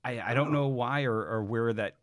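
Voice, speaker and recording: A relaxed man hosts a casual podcast chat, pausing and hedging as he hunts for words. His voice is recorded close and dry, with no room sound around it. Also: medium pitch, no echo. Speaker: podcast host.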